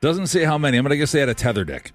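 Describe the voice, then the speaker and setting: A man's voice: medium pitch, big pitch swings, very fast, faint music behind. A male radio host reading listener stories aloud in a dry, mock-serious way, tossing in wisecracks.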